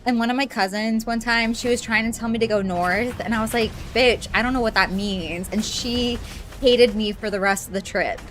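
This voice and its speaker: A woman streaming a game and chatting casually with her viewers, excitable and quick to swear, squealing greetings when viewers arrive. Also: a little high, slight background noise.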